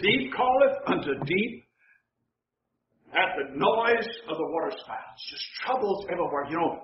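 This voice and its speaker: A man with a high voice preaches a sermon in a church that rings with echo. He poses questions to the congregation, lets his voice fall quiet, then climbs to shouts. The recording is dull and lo-fi with a faint hiss behind him. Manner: call-and-response preaching, drops to hushed tones then rises to shouts. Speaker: pastor. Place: church sanctuary.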